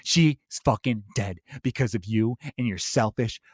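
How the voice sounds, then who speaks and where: A man mockingly impersonating a preachy, scolding man who lectures in a drawn-out, sarcastic tone. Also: on the low side, slightly rough, dry recording, clean studio sound.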